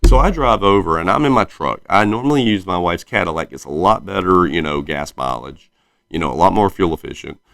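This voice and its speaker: A man's voice: low-pitched, animated, brisk, vocal fry, a bit bright, no echo, studio quality. A man in his thirties from South Carolina with a slight Southern twang, telling rambling stories on his own podcast and often correcting himself. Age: 30s. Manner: rambling, self-correcting storyteller. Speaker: podcast host. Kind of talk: casual solo podcast chat.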